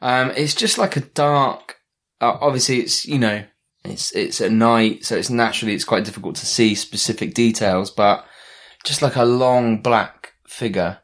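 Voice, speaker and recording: A man's voice: mid-range voice, moderate pace. A young man chatting casually, telling a long story with many fillers and restarts. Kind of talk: casual chat.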